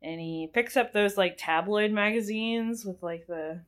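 A woman's voice: mid-range voice, measured pace. A young woman casually recapping a film as a podcast host, chatty and giggly, rambling with lots of fillers. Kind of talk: casual chat.

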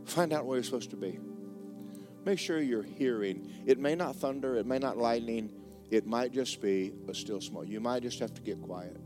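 A man's voice: medium pitch, normal speed, music in the background. A man preaching a sermon as pastor, folksy and joking, repeating words for effect.

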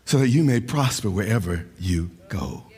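A man preaching a sermon with passion, moving between shouting and a sing-song preaching cadence, with a husky voice. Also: lowish voice, lively intonation, normal speed. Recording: long reverb of a large hall.

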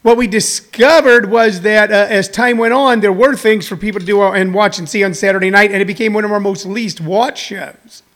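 Middle-aged man, light high voice, rambling live-show host, slightly winded. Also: normal speed, fairly bright tone. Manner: rambling, chatty, jokey asides. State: a little out of breath. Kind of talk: live-stream talk show monologue.

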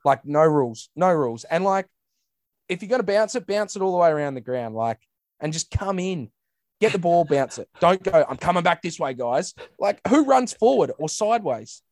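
Casting note: Australian bloke, blunt sweary ranter, dry close-mic sound. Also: male voice, fairly high pitch, sing-song, normal speed, a little mellow, no room sound. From Western Australia. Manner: ranting, blunt and sweary, mimics people in raised voices. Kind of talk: casual chat.

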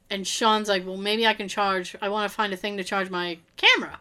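A woman co-hosting a podcast, telling a story in a casual, animated way and acting out what people said. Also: mid-range voice, a little fast, hardly any pauses. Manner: animated, laughing, acts out quotes. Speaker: podcast co-host.

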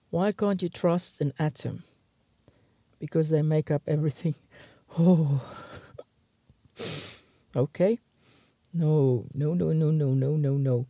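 A man's voice: a little high, unhurried, vocal fry, pauses often, warm tone, no room sound. A man hosting his own show, reading out jokes one by one and trying hard not to laugh, muttering and stifling giggles between them. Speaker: host.

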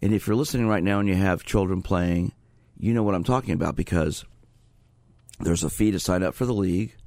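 Man, radio host, very low voice, gravelly, conversational, studio mic. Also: a little fast, no echo. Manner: conversational, steady, repeats call-in details. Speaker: radio host, sports psychologist. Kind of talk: radio call-in show talk.

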